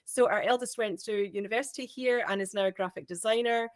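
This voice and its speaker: A woman's voice: medium pitch, fairly quick, no room sound, studio quality. A middle-aged woman with a Scottish accent, a homeschooling mother talking casually on a panel, chatty and prone to restarting sentences. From Scotland. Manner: chatty, rambling, self-correcting.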